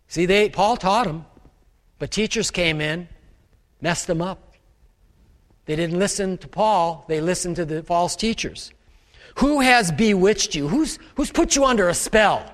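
A man preaches a sermon to his congregation with animated delivery, slipping into the voices of the people he quotes. His voice sits high for a man. The sound rings with the long reverb of a large hall. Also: unhurried, pauses often. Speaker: pastor.

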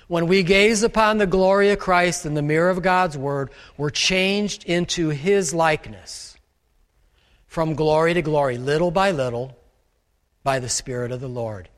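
Animated preacher with a high voice in an echoing hall. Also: male voice. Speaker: pastor. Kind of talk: sermon. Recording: long reverb of a large hall.

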